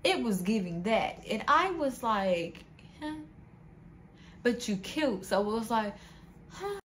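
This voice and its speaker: A young woman vlogger telling a storytime to her viewers in an animated, slangy way, often calling them "y'all". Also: fairly high pitch, a little slow, a little hiss or hum. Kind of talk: casual storytime vlog.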